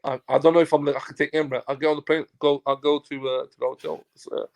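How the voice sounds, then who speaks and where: Gravelly-voiced man telling a lively anecdote. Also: fairly high pitch, quick pace. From Turkey. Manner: animated storyteller, swears, acts out dialogue. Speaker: football agent, guest.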